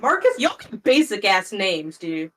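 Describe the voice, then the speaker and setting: A woman's voice: mid-range voice, big pitch swings, a little slow, fairly bright tone. A woman playing a tabletop game, blunt and teasing in casual chat. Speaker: player.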